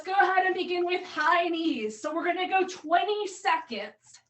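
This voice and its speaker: High bright woman coaching a workout. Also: lively intonation, normal speed, far from the mic, low-quality recording. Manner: upbeat cueing, counting down reps. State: slightly out of breath. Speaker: fitness coach. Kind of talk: live online workout instruction.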